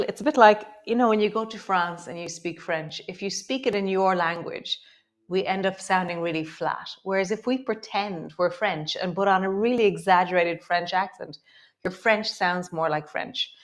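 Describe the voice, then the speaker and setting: A woman teaching a live guided yoga class, giving gentle, encouraging movement cues broken up by chatty asides, and slowing and softening her voice as she talks students through each move. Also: medium pitch.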